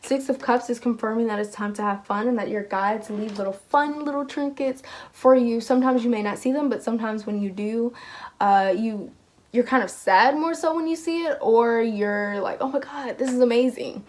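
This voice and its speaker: Animated woman giving a tarot reading. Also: on the high side, normal speed. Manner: animated, acts out what the listener and their guides might say. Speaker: tarot reader. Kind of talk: intuitive tarot reading to viewers.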